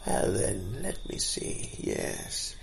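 A man playing a kindly old deer telling a tale to fawns in a storybook, speaking slowly with a gravelly texture. His pitch rises and falls freely as he spins the story. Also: wildly swooping pitch, slight background noise, heavily acted, poor audio. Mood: storytelling. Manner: warm, storytelling. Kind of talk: storybook reading.

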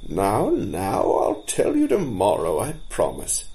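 A man's voice: lowish voice, huge pitch swings, slow, creaky, mellow, heavily acted, poor audio. A man voicing a fussy, easily irritated old male deer storyteller in a storybook, stern and scolding.

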